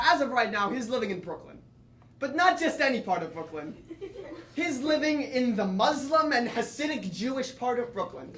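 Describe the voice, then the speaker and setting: A teenage boy performing a solo comedy monologue, telling lively comic stories with asides to the audience. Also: very high voice, roomy sound, slight background noise. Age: teens. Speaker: student performer. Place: theatre or classroom with audience.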